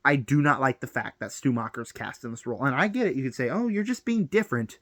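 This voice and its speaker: A man's voice: medium pitch, expressive, fast talker, fairly bright tone, dry recording, clean studio sound. A young man ranting on a film vlog, heated and exasperated, piling up rhetorical questions. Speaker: film vlogger.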